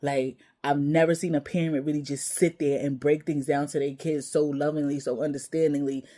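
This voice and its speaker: A woman's voice: deep voice, flat delivery, a little fast, dark tone. A mother vlogging, telling a personal story in a candid, emotional way and swearing casually.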